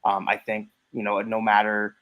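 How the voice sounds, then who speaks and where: A man's voice: lowish voice, completely flat delivery, normal speed, narrow, tinny audio. A man co-hosting a postgame sports show, giving earnest analysis of the team. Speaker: co-host.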